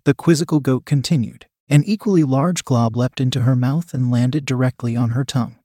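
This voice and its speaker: A man narrating adult fiction in an even, matter-of-fact reading. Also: medium pitch, brisk, no echo, clean studio sound.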